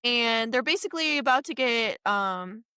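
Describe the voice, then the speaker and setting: A woman co-hosting a casual movie podcast, retelling scenes with animated character voices. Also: fairly high pitch, smooth, dry recording, studio quality. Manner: animated retelling, acting out character lines in quick bursts. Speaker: podcast co-host. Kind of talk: casual movie recap chat.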